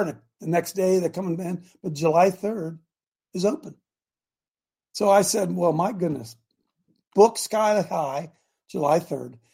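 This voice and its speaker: A man's voice: fairly high pitch, creaky, dark tone, slightly rough. A man hosting a radio show, preaching in an emphatic, rambling way with many asides.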